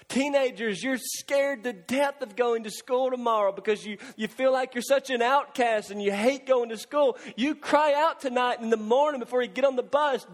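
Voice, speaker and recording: A man preaching a sermon, impassioned, swinging from loud pleading cries to hushed, near-whispered lines. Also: very high voice, normal speed, long reverb tail. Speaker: pastor.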